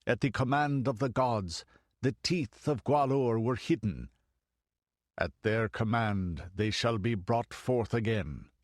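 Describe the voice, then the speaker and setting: A man voicing a fanatical male high priest who proclaims slowly in an exalted voice. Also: no room sound, studio quality, natural voice.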